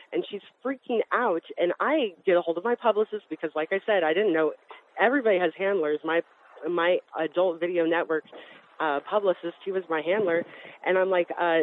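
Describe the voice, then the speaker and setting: A woman from Colorado giving personal testimony as an interview guest, talking in fast, urgent phrases that restart often. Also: medium pitch. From Colorado, USA. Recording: tinny phone-like line with faint hiss.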